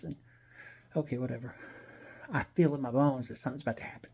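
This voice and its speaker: A man rattles through a personal story at a quick clip, blunt and salty, with plenty of rambling asides. His voice is husky and dark-toned. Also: medium pitch, fairly even intonation. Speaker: vlogger telling a personal story. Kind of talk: casual storytelling monologue.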